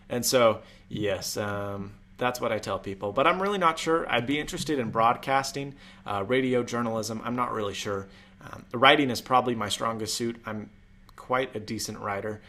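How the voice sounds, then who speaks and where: A man's voice: on the low side, a little fast, fairly bright tone. A young man hosting a casual tech live stream, chatty and rambling, with jokey asides. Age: young adult. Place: home room.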